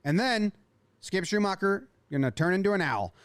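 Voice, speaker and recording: A man's voice: sits high, animated, normal speed, no echo. A man narrating a comedy video breakdown, playfully voicing the people on screen.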